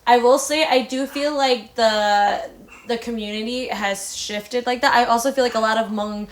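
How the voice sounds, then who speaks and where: A woman's voice: a little high, fairly even intonation. A woman hosting a casual podcast, talking in a chatty way with lots of fillers. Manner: chatty, many fillers, quick affirmations. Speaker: podcast host.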